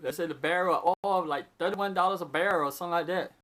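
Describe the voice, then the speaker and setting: A man reading news headlines aloud in a casual, unedited video, breaking off to riff on them with animated asides. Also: high voice, quick pace. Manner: reads news items aloud, then riffs on them excitedly. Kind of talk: casual unscripted commentary.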